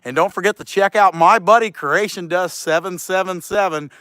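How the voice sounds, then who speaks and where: A man hosts his carving livestream in a high, bright voice, chatting loosely and teasing his viewers as he reads their comments. The sound is close and dry, with no room echo. He rambles from joke to joke with an easy, playful manner. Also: normal speed, clean tone. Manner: joking, rambling, reads chat aloud. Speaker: chainsaw carver hosting a livestream. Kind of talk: casual livestream chat.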